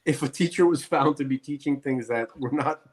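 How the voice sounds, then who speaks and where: A man with a middle-pitched voice talks in a casual podcast chat. He rants bluntly and hammers his points with repetition. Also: brisk, darkish tone, husky. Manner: blunt, ranting, emphatic repetitions. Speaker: podcast co-host.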